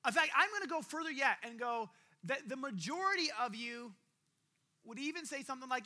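A man's voice: very high-pitched, animated, fairly quick, pushed and bright. A man preaching a sermon as pastor, conversational, acting out what his listeners might say.

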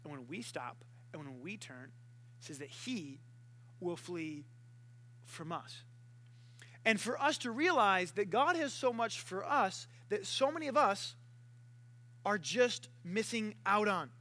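A young man preaching a sermon, animated and playful, acting out voices and barking to make his point. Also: high voice, a little slow, pauses often.

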